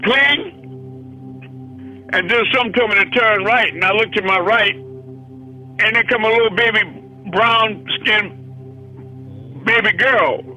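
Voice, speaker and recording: Spiritual teacher, male, high piercing voice, folksy repetitive delivery, soft music underneath. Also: rough recording. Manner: plainspoken, colloquial, repeats himself. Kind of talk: recounting a vision in a call-in meeting.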